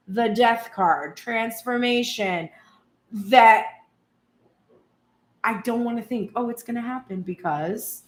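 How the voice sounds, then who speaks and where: A woman's voice: mid-range voice, roomy sound. A woman giving a casual tarot reading, chatty and self-mocking, swearing freely and acting out what people say. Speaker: tarot reader.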